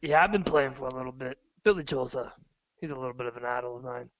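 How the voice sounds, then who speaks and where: A man's voice: mid-range voice, fast, a bit bright. Hesitant man on dull lo-fi audio. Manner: hesitant, filler-heavy. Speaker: player. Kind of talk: tabletop game play.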